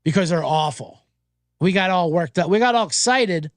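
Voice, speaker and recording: A man's voice: sits high, lively intonation, normal speed, no echo, studio quality. A man hosting a sports betting show, recapping games in a rambling, profane, joking way and slipping into mocking voices.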